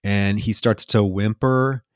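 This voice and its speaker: Speaking slowly in a lowish register, a man co-hosts a casual film-review podcast, captured in studio quality with no room sound. His plot recap is lively, and he bellows quoted film lines while playing the characters.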